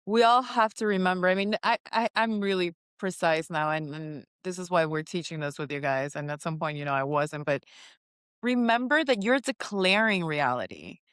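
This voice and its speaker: A woman's voice: lowish voice, moderate pace, smooth, no echo, clean studio sound. A woman co-hosting a spiritual podcast, chatting casually and acting out imagined inner voices with lots of "like" fillers. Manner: animated, acts out inner voices, frequent "like" fillers. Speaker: podcast co-host.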